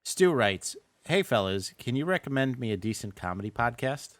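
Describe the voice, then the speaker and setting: A man's voice: mid-range voice, big pitch swings, normal speed, no echo. A man co-hosting a casual comedy podcast, telling exasperated stories and reading out listener messages. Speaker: podcast co-host.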